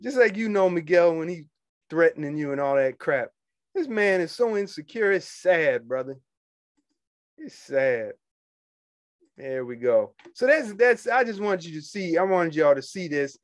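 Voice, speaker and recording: A man, a union organizer talking casually to fellow members, animated and quick to laugh and scoff. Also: a little high, no echo, clean studio sound. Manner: animated, laughs often, dismissive asides.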